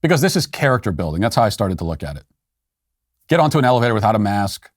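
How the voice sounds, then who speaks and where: A man's voice: fairly low pitch, very animated, rapid-fire, no echo, studio quality. A man hosting a commentary show, talking casually with sarcastic, wry asides. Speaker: podcast host.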